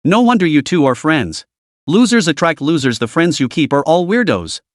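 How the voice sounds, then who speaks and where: A man's voice: on the high side, expressive, moderate pace, dry recording, clean studio sound, natural voice. A man voicing an arrogant, bullying rich young man who sneers and scorns in a storybook reading. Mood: sneering.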